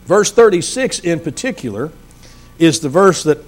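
High-voiced man preaching a sermon. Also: lively intonation, normal speed. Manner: emphatic, drops to quiet low endings; explains scripture verse by verse.

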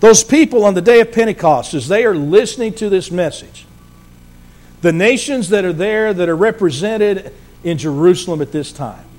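A man preaching a sermon, explaining scripture verse by verse and landing his points emphatically, often trailing off quietly at the end of a phrase. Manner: emphatic, drops to quiet low endings.

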